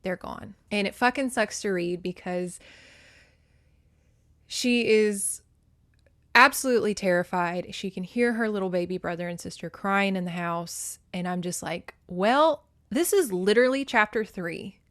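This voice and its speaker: A woman's voice: on the low side, a little slow, fairly bright tone. A woman hosting a podcast, recapping a novel in casual chat, swearing often and reacting with feeling. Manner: profane, emotionally invested storytelling. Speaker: podcast host.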